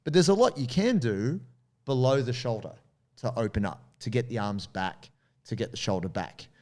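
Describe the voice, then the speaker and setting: A man's voice: mid-range voice, lively intonation, normal speed, a little mellow. A man with an Australian accent, co-hosting a podcast and explaining training advice in a coaching, explanatory tone, speaking directly to listeners. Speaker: podcast co-host. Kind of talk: casual podcast chat giving training advice.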